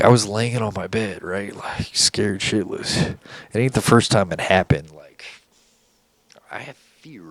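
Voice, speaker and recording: A man's voice: low-pitched, vocal fry. A man telling a story in a casual monologue, rambling and intense, swearing often. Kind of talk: casual monologue recounting an encounter.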